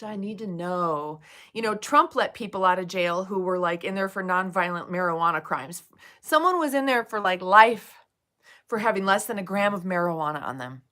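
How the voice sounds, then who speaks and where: A woman's voice: fairly low pitch, pushed and bright. A woman streaming live, chatting casually with viewers, swearing freely and soothing them by turns. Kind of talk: casual livestream chat.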